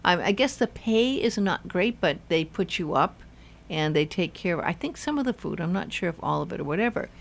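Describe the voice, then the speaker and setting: A woman hosting a casual chat, chatty and quick with short reactions. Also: lowish voice, lively intonation, gravelly.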